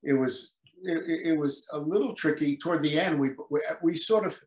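Brisk and somewhat high-voiced, an older man who's a veteran actor shares stories as a guest in a casual interview, bringing old quotes to life as an animated storyteller. The room echoes.

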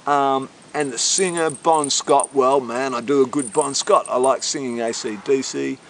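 A man's voice: mid-range voice, fairly even intonation, normal speed, fairly bright tone, slight background noise. A middle-aged man being interviewed, rambling in a boisterous, swaggering and profane way. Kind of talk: rambling casual interview talk.

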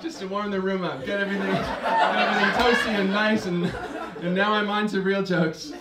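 A young man doing a stand-up set, halting with lots of fillers and restarts. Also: high-pitched, steady tone, over a noisy crowd. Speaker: stand-up comedian. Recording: roomy, distant mic, hissy noise.

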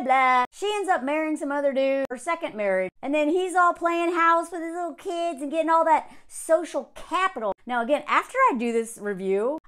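A woman talks straight to camera, reviewing a film in a casual, blunt way. Her voice sits high and jumps up and down a lot as she slips into mocking impressions of the characters. Her tone stays sarcastic. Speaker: movie reviewer. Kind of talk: casual vlog commentary.

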